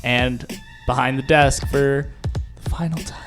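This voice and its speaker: A man's voice: mid-range voice, steady tone, unhurried, fairly bright tone, soft background music. A man hosting a podcast in a studio, bantering playfully with his co-hosts. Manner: playful, jokey. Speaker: podcast host.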